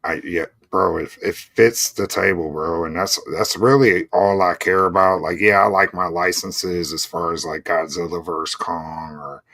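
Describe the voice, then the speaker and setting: A man's voice: low voice, steady tone, normal speed, few pauses, fairly bright tone, no room sound, studio quality. A man co-hosting a casual show, talking in a laid-back way full of "bro" and "you know". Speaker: podcast co-host. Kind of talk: casual chat.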